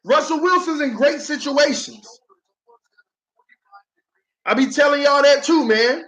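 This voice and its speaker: High-voiced excitable man streaming football reactions. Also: moderate pace, slight background noise, poor audio. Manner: excitable, slangy, dramatic groaning and laughing.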